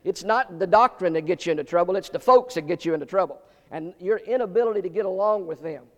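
A man's voice: high voice, quick pace, big-room sound. A male pastor preaching a sermon full of folksy jokes and asides, often repeating words. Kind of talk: sermon with humorous stories.

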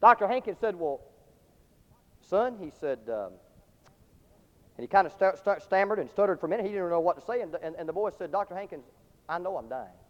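A man's voice: sits high, expressive, fairly quick, long pauses. Impassioned preacher man in an echoing hall. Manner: impassioned storytelling, swinging from shouts to hushed tones. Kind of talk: sermon. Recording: dull lo-fi recording with long hall reverb.

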